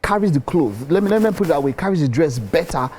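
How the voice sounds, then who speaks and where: A man hosting a TV interview, speaking haltingly with many restarts and sounding enthusiastic. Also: a little high, animated, a little mellow, a little hiss or hum. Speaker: TV host.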